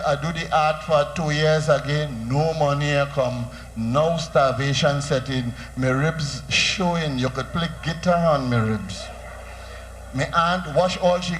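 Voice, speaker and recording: A male comedian with a Trinidadian accent, telling stories in a comic monologue full of animated storytelling and funny sound effects. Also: fairly high pitch.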